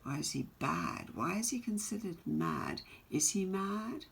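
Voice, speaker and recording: A woman teaching a poetry lesson, her voice low and husky with a gravelly edge. She speaks slowly, posing one question after another to her students. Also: lively intonation. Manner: slow, questioning, reads poem aloud with emphasis.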